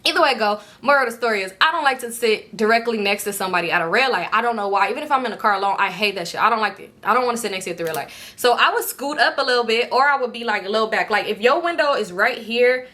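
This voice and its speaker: Bright-voiced woman telling a story. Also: a little high, racing, hardly any pauses. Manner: animated, profane and laughing. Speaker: storytime vlogger. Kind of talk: casual storytime.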